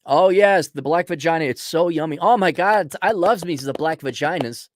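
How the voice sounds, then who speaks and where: A man's voice: on the high side, moderate pace, no room sound, clean studio sound, pitched above the performer's own voice, close to an everyday voice. A man voicing a fawning, mock-worshipful guy in a raised, gushing voice to mock him. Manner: exaggerated, gushing, mocking.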